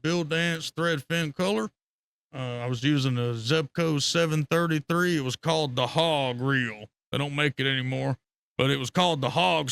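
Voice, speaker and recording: Male podcast guest, high gravelly voice, rowdy profane storyteller. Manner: profane, excitable, laughs often. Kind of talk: casual storytelling.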